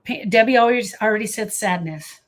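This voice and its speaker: A woman's voice: medium pitch, a little fast. A middle-aged woman coaching people through grief in a casual livestream. She answers viewer comments and speaks earnestly and emphatically, calling people by name. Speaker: grief coach hosting a live session.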